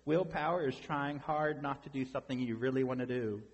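A man's voice: medium pitch, a little fast, slightly rough, dull audio, lightly acted. A man voicing a sensible male frog from a children's storybook, read plainly and earnestly in a reverberant hall.

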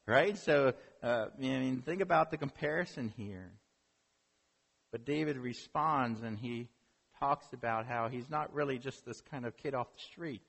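Husky preacher in an echoing hall. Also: male voice, mid-range voice, a little slow. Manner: animated storytelling with rhetorical questions. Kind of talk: sermon. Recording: long hall reverb.

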